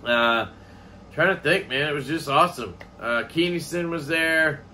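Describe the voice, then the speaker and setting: A man's voice: on the high side, normal speed, sharp tone, slight background noise. A man vlogging in a casual, rambling way, swearing offhandedly as he chats. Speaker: knife collecting vlogger. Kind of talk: casual chat.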